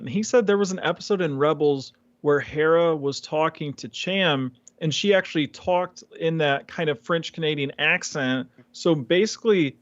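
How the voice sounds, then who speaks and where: A man's voice: fairly high pitch, dry recording, highs cut off. A man co-hosting a podcast in casual discussion, hesitant and full of fillers. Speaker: podcast co-host.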